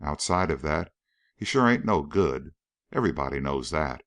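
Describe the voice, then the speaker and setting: A man's voice: extremely low pitch, animated, moderate pace, a bit bright, no echo, clean studio sound, pitched below the performer's own voice, full character voice. A man voicing a big, scornful young backwoods farmhand with a folksy drawl.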